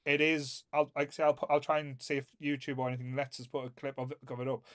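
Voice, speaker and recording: A man's voice: fairly high pitch, flat delivery, fast. Enthusiastic rambling man. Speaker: podcast co-host. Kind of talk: casual chat.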